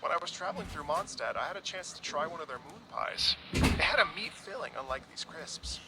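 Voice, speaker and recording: A man's voice: on the high side, animated, a little fast. A man voicing a polite, formal traveling musician in a video game. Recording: game audio with clear background noise.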